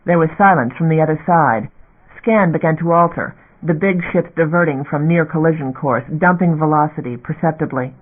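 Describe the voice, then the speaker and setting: Male audiobook narrator, fairly high voice, steady dramatic read, phone-like narrow recording. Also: normal speed.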